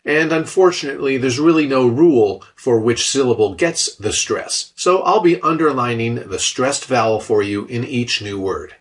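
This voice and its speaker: Husky man narrating a language lesson. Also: mid-range voice, moderate pace, few pauses. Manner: explanatory, with light dry jokes. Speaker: language teacher. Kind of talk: scripted instructional narration.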